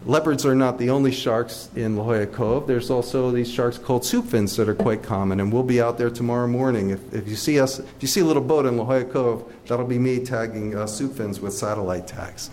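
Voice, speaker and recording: A man's voice: mid-range voice, fairly quick, few pauses, a little mellow, a little hiss or hum. Enthusiastic man giving a slide lecture. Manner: friendly, enthusiastic, many fillers and restarts. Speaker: shark research biologist giving a slide talk.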